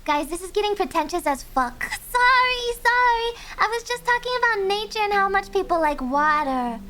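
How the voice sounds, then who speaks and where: Young woman, high voice, soft and sleepy-sounding, giggly, casual stream chat. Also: animated, a little fast, slight background noise. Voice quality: high voice, speaking softly. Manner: giggly, chatty, reads chat aloud. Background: faint background music.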